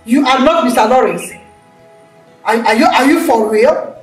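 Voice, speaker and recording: An actress playing a strong-willed mother who is planning her son's wedding and is firm and quick to scold. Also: a little high, soft background music, natural voice. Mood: angry. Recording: echoey room, mic at a distance.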